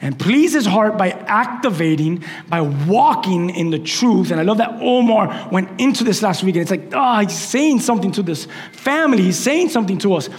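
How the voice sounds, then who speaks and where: A man preaching a sermon as the pastor, impassioned, swinging between shouts and hushed lines. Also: high-pitched, in a large hall.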